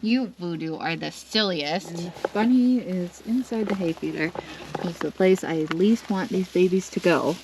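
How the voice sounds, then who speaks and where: Woman farm vlogger, slightly low gravelly voice, casual chat, coos at her animals, noisy barnyard with goats bleating. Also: measured pace, darkish tone. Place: outdoors and in a barn with goats.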